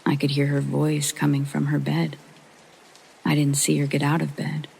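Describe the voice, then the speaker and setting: A narrator reading a first-person paranormal story in a soft whispered sleep-story style, with a breathy half-whisper. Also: mid-range voice, monotone, moderate pace, rough recording.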